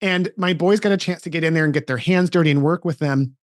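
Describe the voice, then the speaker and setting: This middle-aged man talks fast in an easygoing interview, earnest and anecdotal, with a voice pitched slightly high for a man. He keeps restarting his sentences; the audio is close, dry, and echo-free.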